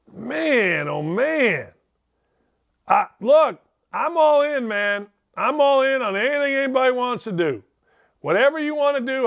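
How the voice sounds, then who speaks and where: A man's voice: high-pitched, a bit bright. A middle-aged man hosting a sports talk show, ranting bluntly and sarcastically in a rambling way. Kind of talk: opinionated talk radio rant.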